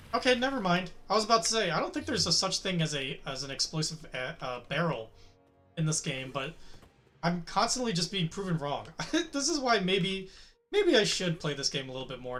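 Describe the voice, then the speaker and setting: A man's voice: on the high side, fairly bright tone. A man casually commenting as he plays a video game at home, thinking aloud and laughing easily. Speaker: gaming streamer. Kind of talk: casual let's-play commentary. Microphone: desk mic.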